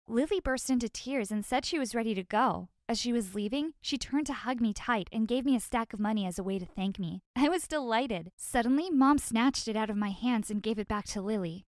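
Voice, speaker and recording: A woman narrating an animated drama story in the first person, brisk and expressive. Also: a little high, dry recording, clean studio sound.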